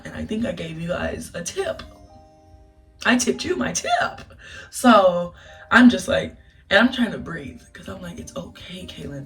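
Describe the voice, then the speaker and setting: A young woman telling a casual storytime vlog, animated and emotional, laughing through tears. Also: fairly low pitch. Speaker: vlogger. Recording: distant mic with music behind.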